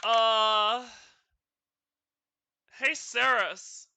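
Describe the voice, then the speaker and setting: A woman's voice: fairly high pitch, extremely slow, creaky, sharp tone, a little hiss or hum. A woman streamer playing a detective game for the first time, chatting casually and reading the dialogue aloud in playful voices.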